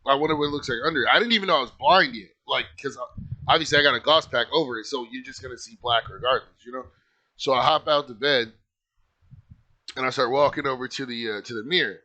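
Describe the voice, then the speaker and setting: A man with a bright, forward voice tells a story from his own life in a loose, conversational ramble. He fills his sentences with "like" and "you know" and speaks with plain, heartfelt earnestness. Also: medium pitch, fast talker. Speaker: channel host telling his own story. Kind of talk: casual personal storytelling.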